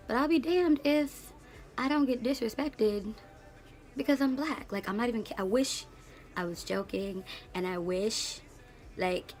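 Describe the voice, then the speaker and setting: Sassy woman in her late twenties. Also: medium pitch. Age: late 20s. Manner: animated, sassy storytelling with slang. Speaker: English teacher. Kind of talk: casual vlog rant.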